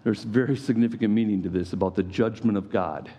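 A man preaching a sermon, animated and playful, acting out scripture with mock voices. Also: fairly low pitch, fast. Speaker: pastor.

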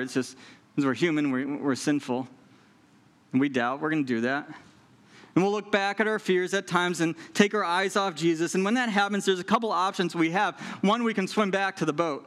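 A man preaching a sermon as a pastor, earnest and emphatic, repeating key lines and slowing down for weight. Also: sits high, a bit bright. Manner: earnest, emphatic preaching with repetition and dramatic slowdowns.

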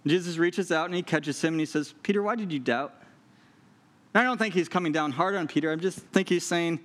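A man with a notably high-pitched voice delivers a sermon. He preaches earnestly and emphatically, leaning on repetition and deliberate slowdowns to drive his points home. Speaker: pastor.

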